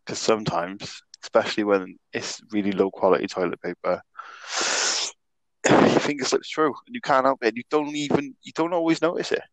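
A man's voice: mid-range voice, steady tone, moderate pace, dry recording, low-quality recording. A man co-hosting a casual podcast, swearing and joking bluntly over a remote call. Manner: swearing, laughing, jokey and blunt. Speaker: podcast co-host.

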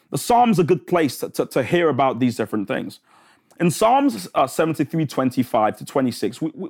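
A man preaching a sermon, telling a childhood story with lots of restarts and acting out the voices of the people in it. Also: a little high. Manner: animated storytelling, acts out voices, frequent restarts.

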